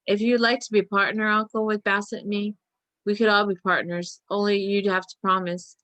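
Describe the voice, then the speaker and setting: A woman voicing an earnest, secretive young boy who speaks gravely and pleads with his uncle. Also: mid-range voice, little pitch movement, fairly quick, fairly bright tone, no echo, lightly acted. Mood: pleading.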